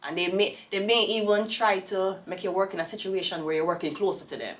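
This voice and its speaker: A woman's voice: medium pitch, fairly quick, recorded from a distance, slight background noise. Blunt Jamaican woman reading tarot. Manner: rambling, blunt and profane, with sudden loud rants. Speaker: tarot reader.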